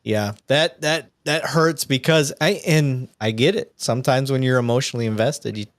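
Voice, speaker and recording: A male police officer hosting a casual livestream, talking in a mid-pitched, conversational way full of ums and self-corrections. The sound is dry and close, with no room echo. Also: moderate pace. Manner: conversational, frequent ums and restarts. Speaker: podcast host, police officer.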